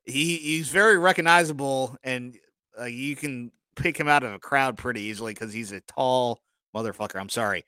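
A man's voice: mid-range voice, moderate pace, sharp tone, clear, resonant tone, no echo. A man co-hosting a podcast, telling rambling stories in casual chat and often apologizing for his own jokes. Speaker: podcast co-host.

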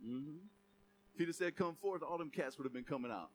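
A man's voice: medium pitch, fast talker, slight background noise. A middle-aged man preaching a sermon in a conversational, joking way, full of asides and laughter. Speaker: pastor.

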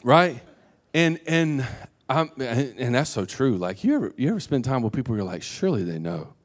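Guy pastor in his 30s preaching, laid back and jokey, mid pitched voice. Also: moderate pace. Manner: casual and conversational, animated quotes and jokes. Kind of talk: sermon.

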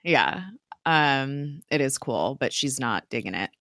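A woman's voice: a bass voice, expressive, slow, a bit bright, dry recording, clean studio sound. A young woman co-hosting a podcast, recapping a TV episode in a chatty way, full of fillers, playful quotes and laughing asides. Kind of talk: casual chat.

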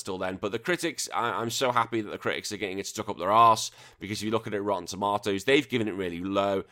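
A man's voice: lowish voice, fairly bright tone. A man hosting a podcast, giving his opinions in a casual solo ranting commentary with lots of restarts. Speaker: podcast host.

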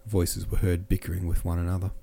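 A man hosting a podcast and reading a classic novel aloud in steady, measured narration. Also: low voice, creaky, husky. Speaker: podcast host and reader.

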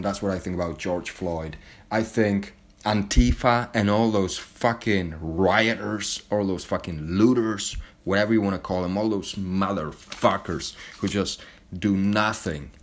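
Low-voiced man ranting, full of profanity. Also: fairly bright tone. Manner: heavily profane, blunt, heated. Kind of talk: angry ranting monologue.

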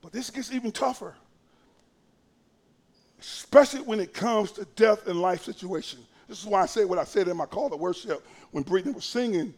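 A middle-aged male pastor with a strikingly high voice preaches a sermon in a folksy, conversational way. His impassioned delivery suddenly rises to a shout for emphasis, then drops back to a near hush.

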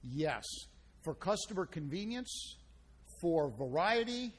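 A man with a notably high voice hosts a casual radio food show. He tells folksy, rambling stories and teases his co-hosts. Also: very animated, slow. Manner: folksy storytelling with playful banter.

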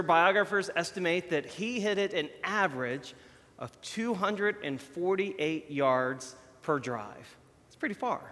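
A man delivers a conversational sermon, chatty and self-deprecating. His voice sits a little high. A long reverb from a large hall trails each phrase. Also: a bit bright. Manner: chatty, self-deprecating, shows props while talking.

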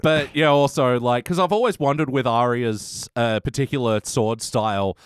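A man's voice: mid-range voice, normal speed, clear, resonant tone, no room sound. A laid-back man who laughs often, chatting casually about a TV episode. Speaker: podcast co-host. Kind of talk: casual chat reviewing a TV episode.

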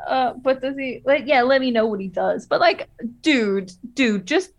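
A woman's voice: high-pitched, animated, a little slow. A woman co-hosting a podcast, chatting casually about a TV episode, laughing often and swearing as she retells scenes. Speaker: podcast co-host. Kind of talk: casual chat recapping a TV episode.

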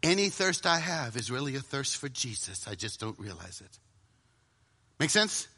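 A middle-aged man preaching a sermon to a live audience, dramatic, often dropping to a hushed voice for emphasis and acting out inner voices. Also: mid-range voice, big pitch swings, moderate pace, breathy edge.

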